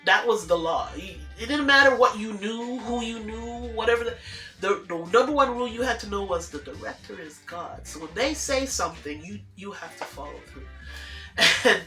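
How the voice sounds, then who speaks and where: A woman telling a personal story in a casual, animated way, acting out the dialogue and laughing often. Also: a little high, moderate pace. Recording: echoey room with faint music.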